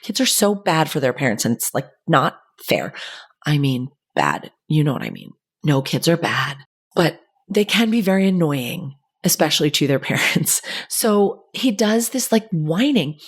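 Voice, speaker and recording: A young woman talks through a solo podcast episode in a loose, chatty way, often dropping fillers into her sentences. Her voice sits a little low for a woman. She sounds animated and conversational. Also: measured pace, slightly rough. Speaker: podcast host. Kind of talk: casual solo podcast talk.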